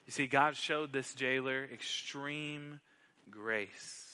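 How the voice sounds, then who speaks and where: Male pastor, sermon, dramatic storyteller, slow, sharp tone, long church reverb. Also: mid-range voice, smooth. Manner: dramatic storytelling, rising to emphatic questions.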